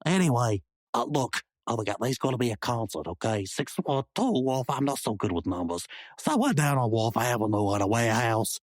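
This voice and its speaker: A man's voice: medium pitch, expressive, brisk, few pauses, no room sound, clean studio sound. A man co-hosting a comedy podcast, rambling through an improvised bit full of slang and bravado. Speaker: podcast co-host.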